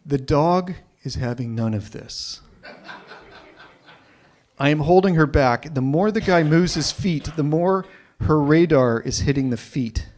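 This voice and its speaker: A man telling a personal story live, animated and often repeating himself as he builds up. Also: fairly high pitch, unhurried. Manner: animated, repeats words when excited.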